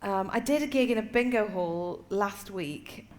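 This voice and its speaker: A woman stand-up comedian, a guest on a live comedy chat show, telling animated stories and laughing often. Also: mid-range voice, measured pace.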